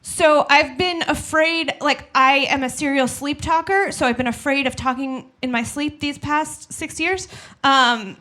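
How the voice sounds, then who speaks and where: Young woman, stand-up comedian, high voice, chatty and self-deprecating, acts out quoted voices. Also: measured pace, bright, forceful tone. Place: small studio with live audience.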